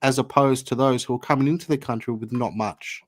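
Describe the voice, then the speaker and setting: A man on an election night panel, telling a story in an animated, slangy way and often repeating words. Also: medium pitch, fairly quick. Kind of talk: casual panel chat.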